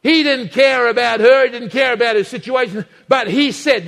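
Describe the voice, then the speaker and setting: High-voiced man preaching with emphatic repetition. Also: moderate pace, gravelly, few pauses, fairly bright tone, in a large hall. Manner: emphatic, repeats phrases for effect. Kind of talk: sermon.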